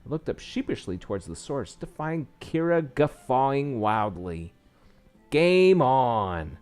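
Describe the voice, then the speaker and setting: A man's voice: medium pitch, sing-song, moderate pace, darkish tone, faint music behind. A man reading a visual novel aloud, with small slips and asides, saying he is losing his voice. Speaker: game narrator.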